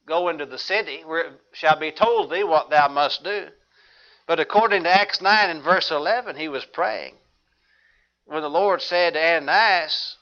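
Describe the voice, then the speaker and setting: High, bright-voiced preacher man. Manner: earnest, measured preaching with scripture quotes. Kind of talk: sermon. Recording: dull lo-fi recording.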